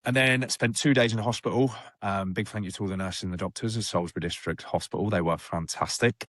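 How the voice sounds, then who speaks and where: A man's voice: on the low side, fast, fairly bright tone, no echo, studio quality. A young man, a rehab client, telling his story in a candid, plain-spoken way with plenty of fillers. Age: young adult. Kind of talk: casual storytelling.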